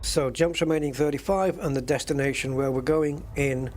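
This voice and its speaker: A man's voice: fairly high pitch, fairly even intonation, moderate pace, few pauses, darkish tone, slight background noise. A man chatting casually and joking with viewers while live-streaming a space game.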